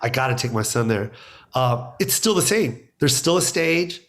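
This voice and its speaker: A man telling stories in a casual interview, acting out what people said to him. He laughs between lines and jumps into high, excited bursts of voice, always at an everyday pitch. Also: normal speed. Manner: excited storyteller, acts out quotes, laughs often. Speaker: guest, stand-up comedian. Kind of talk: animated storytelling in casual chat.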